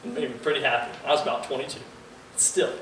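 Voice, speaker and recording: A young man preaching a sermon, lively, quizzing the audience and acting out the characters he quotes. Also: medium pitch, fast talker. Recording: echoey room, voice from far off, faint ambient noise.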